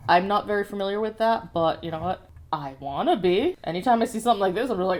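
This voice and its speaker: Woman, young adult, toy review co-host, playful, jokey, animated chat. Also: medium pitch, fast talker.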